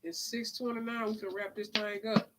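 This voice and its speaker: Amid heavy background noise, a tarot reader gives a casual live reading in a mid-range voice with little pitch movement at a moderate pace. She's chatty and drawling, calls listeners "honey" and "child," and sniffles now and then.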